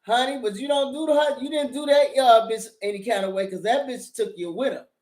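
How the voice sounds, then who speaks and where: A woman's voice: fairly high pitch, fairly quick, a little mellow, roomy sound. A middle-aged woman rants sassily and profanely about a drama, laughing as she goes. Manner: profane, sassy, laughing asides. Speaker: vlogger reviewing a drama. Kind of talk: animated casual rant.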